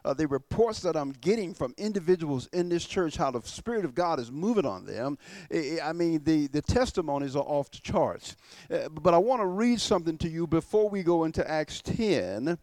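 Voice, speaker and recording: A man's voice: on the high side, animated, a little mellow, no room sound. Emphatic male pastor preaching. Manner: emphatic, slows down to stress key words; repeats words and restarts often. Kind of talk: sermon. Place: church.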